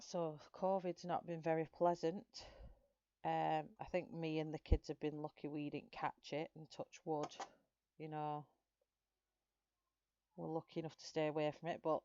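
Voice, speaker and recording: A middle-aged woman with a low voice, rambling in easy chat with her viewers as she colours. The sound is dull and lo-fi, and very dry. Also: little pitch movement, moderate pace, warm tone, dry recording. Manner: chatty, rambling, greets viewers by name. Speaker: colouring channel host. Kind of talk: casual chat while colouring live.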